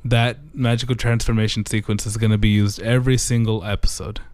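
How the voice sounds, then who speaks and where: A man's voice: lowish voice, level tone, fairly quick, darkish tone, no room sound. A man co-hosting a casual podcast chat, joking and bantering. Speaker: podcast co-host.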